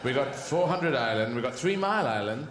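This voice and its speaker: A man playing a deadpan caveman server reciting a list of salad dressings. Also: mid-range voice, a little fast, pitched below the performer's own voice, close to an everyday voice. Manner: flat, list-reading deadpan. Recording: echoey venue with faint ambience.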